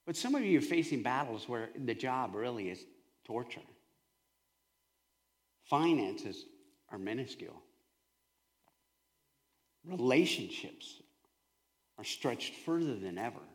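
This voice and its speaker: A male pastor preaching a sermon with animated storytelling, swinging from loud to hushed. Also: mid-range voice, slow pace, pauses often.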